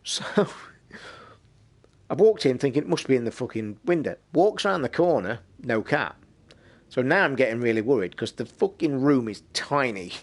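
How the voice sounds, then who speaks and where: A man in his forties spins a long tale from his younger days on a podcast. His voice sits at an ordinary middle pitch, and he talks casually and animatedly, swearing freely as he goes. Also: moderate pace. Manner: sweary, animated anecdote-telling. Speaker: podcast host. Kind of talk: casual storytelling.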